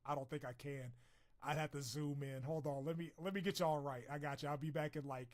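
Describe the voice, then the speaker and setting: Loud laughing male streamer. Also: on the high side, fairly even intonation, a little fast. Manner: loud, laughing, profane, swings from shouting to mumbling. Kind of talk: casual live-stream chat.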